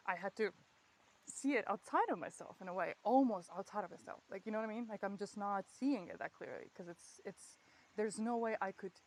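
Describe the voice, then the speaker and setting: A woman's voice: mid-range voice, slight background noise, poor audio. Rambling, swearing woman on a walk. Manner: rambling, swears a lot, laughs often. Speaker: vlogger. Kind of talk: candid spoken audio diary. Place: outdoors on a walk.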